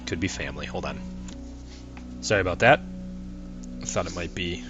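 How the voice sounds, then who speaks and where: A man's voice: deep voice, normal speed, pauses often. A young man rambling through casual gameplay commentary, swearing often and flaring up at the game. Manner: swears a lot, rambling, flares into angry outbursts. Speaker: gaming channel host. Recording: music playing loudly behind.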